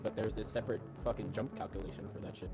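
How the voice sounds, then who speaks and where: Fast, gravelly, animated man. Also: lowish voice, faint music behind. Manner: excitable, swears freely. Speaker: tabletop game player. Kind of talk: casual game table chat.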